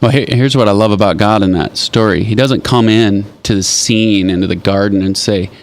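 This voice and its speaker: A man speaking as a guest on a faith talk show, halting and restarting, then turning animated when telling stories. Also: on the low side. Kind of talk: casual faith chat.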